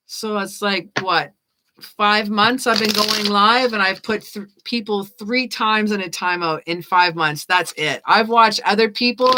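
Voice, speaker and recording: A woman with a mid-range voice runs a live tarot stream, chatting loosely and repeating words for emphasis. She laughs easily between readings, and faint noise hums under the recording. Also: medium pitch. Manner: chatty, repetitive, laughs often. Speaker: tarot reader.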